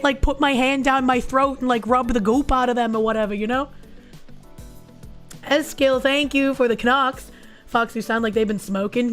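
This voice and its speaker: A woman streamer with a hoarse, raspy voice from recent illness, chatting casually and crudely while reading viewer messages. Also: high-pitched. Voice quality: raspy, husky. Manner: casual and crude, swears often. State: hoarse, losing her voice after illness. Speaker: VTuber streamer. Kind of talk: casual livestream chat reading super chats.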